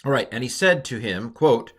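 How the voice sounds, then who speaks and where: A man giving a relaxed recorded lesson, chatty and thinking aloud, with fillers and restarts. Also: medium pitch, moderate pace. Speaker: teacher.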